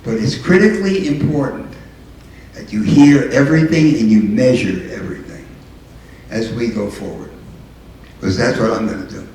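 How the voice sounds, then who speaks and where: A man's voice: mid-range voice, normal speed, a little mellow, a little hiss or hum. An older man from New York City speaks as a mayor addressing a local meeting. His delivery is earnest and emphatic, circling back to restart and repeat phrases. He is picked up from a distance in a very echoey hall. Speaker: town mayor. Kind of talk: public speech to a local group.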